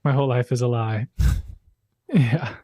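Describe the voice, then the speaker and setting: A man's voice: medium pitch, slow pace, mellow, dry recording. A man co-hosting a casual talk show who reads viewer comments aloud and jokes easily. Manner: joking, easygoing. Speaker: co-host reading viewer comments. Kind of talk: casual chat.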